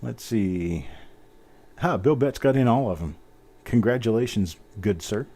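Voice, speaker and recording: A man's voice: on the low side, expressive, unhurried, dark tone. Chatty man hosting a live coin auction. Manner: chatty, self-mocking, reads out bidders while typing. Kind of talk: casual live-stream auction patter.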